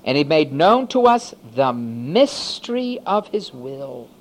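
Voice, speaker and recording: A male pastor preaching a sermon, swinging from hushed asides to loud, emphatic declarations. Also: fairly high pitch, big pitch swings, slow.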